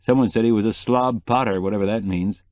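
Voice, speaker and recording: A man voicing a middle-aged male journalist in an audiobook, speaking low and confidingly. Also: fast talker, a little mellow, no room sound, muffled recording, lightly acted.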